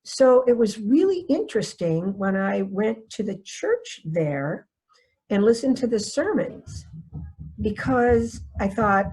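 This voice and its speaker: A woman from North Dakota leads a webinar for foster parents at an ordinary middle pitch, her voice a little husky and breathy. She talks conversationally and weaves in personal anecdotes. She keeps checking in with her listeners through rhetorical questions. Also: sing-song, slow pace, a little mellow. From North Dakota, USA. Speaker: foster care trainer. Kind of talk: webinar talk.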